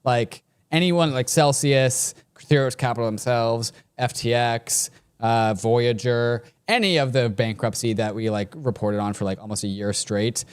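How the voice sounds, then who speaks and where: A man co-hosting a podcast, easygoing and chatty. His voice sits at a middling pitch, and he strings thoughts together with frequent filler words. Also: unhurried, clean tone. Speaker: podcast co-host. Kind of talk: casual chat.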